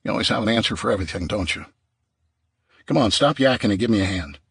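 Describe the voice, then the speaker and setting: A man voicing a stubborn, gruff male survivor with a dismissive manner in an audiobook. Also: fairly low pitch, expressive, quick pace, a bit bright, no echo, full character voice.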